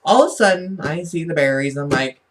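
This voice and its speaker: A man's voice: fairly high pitch, expressive, fast talker, far from the mic. A man telling a story casually to his camera, rambling with many restarts and asides, chatty and amused.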